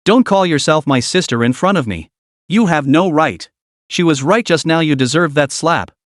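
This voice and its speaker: A man's voice: on the high side, normal speed, no room sound, studio quality, lightly acted. A man reading an audio story recap, voicing a cold, scornful young man who sneers at his family.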